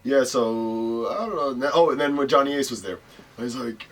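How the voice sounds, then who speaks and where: A man's voice: medium pitch, moderate pace. A man telling a wrestling story in casual, profane talk, jumping into voices for the people he quotes. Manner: profane, animated, acts out quotes in changing voices. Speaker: guest wrestler.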